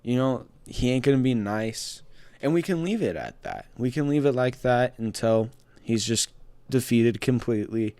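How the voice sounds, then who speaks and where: A man's voice: medium pitch, animated, moderate pace, a little mellow, clear, resonant tone, no echo. A young adult man hosts a casual pop culture show. He talks in a chatty, rambling way, restarting sentences and wandering into asides, with an ordinary mid-range voice. The recording is dry, with little room sound. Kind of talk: casual movie news commentary.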